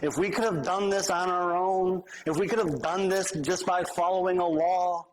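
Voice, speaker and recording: A man's voice: high-pitched, steady tone, moderate pace, slight background noise, low-quality recording. A male pastor giving a conversational sermon with humorous asides.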